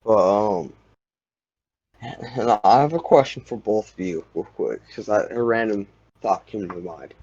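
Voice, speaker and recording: Rambling young man, low voice, dull sound. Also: a little slow, pauses often, darkish tone, breathy edge, dry recording. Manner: rambling, heavy use of "like". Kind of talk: casual chat.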